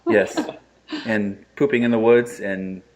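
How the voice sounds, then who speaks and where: A man's voice: mid-range voice, big pitch swings, slow pace. A man hosting a podcast, chatting and joking with his guests. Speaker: podcast host. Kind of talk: casual interview.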